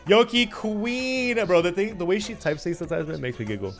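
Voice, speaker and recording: A man's voice: fairly high pitch, animated, normal speed, hardly any pauses, a bit bright, faint music behind. A young man livestreaming, chatting casually and teasing his chat with playful mock rants.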